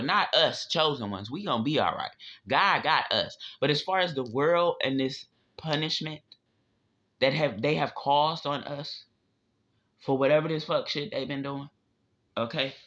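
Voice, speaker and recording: Male tarot reader, forceful and emphatic, casual profane delivery on a muffled recording. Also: expressive, moderate pace. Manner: emphatic, profane, drifting pitch. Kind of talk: casual spiritual reading. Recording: dull lo-fi audio.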